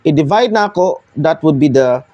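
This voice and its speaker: Filipino man teaching math, mellow tone. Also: fairly high pitch, animated, dry recording, muffled recording. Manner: code-switching, explaining step by step with pauses. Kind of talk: whiteboard math lesson.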